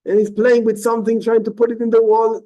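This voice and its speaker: A middle-aged man teaching a religious lesson as a rabbi, animated and repetitive, often restarting his phrases. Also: very high voice, fast talker, poor audio.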